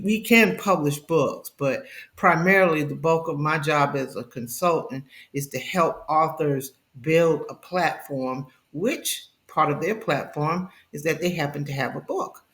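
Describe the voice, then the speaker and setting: A woman's voice: low-pitched, a bit bright. Chatty woman with faint Brooklyn accent. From Brooklyn, New York. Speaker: guest author and therapist. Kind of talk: live podcast interview.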